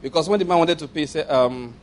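A man's voice: on the high side, quick pace. A man with a Nigerian accent preaching a sermon, telling stories and acting out the people in them. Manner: animated storytelling, acting out voices with laughter. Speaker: pastor. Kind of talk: sermon with storytelling. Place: church.

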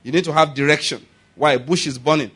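Speaking briskly in a slightly raised, somewhat high voice with a breathy edge, a Nigerian-accented man preaches a sermon. He stays animated, laughs frequently and repeatedly checks in with his listeners through rhetorical questions.

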